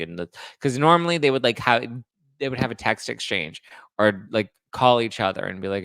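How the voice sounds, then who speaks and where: A man's voice: medium pitch, animated, normal speed, a bit bright, no echo. A man hosting a pop culture live show, chatting casually to his viewers with sarcastic asides. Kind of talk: casual live-chat commentary.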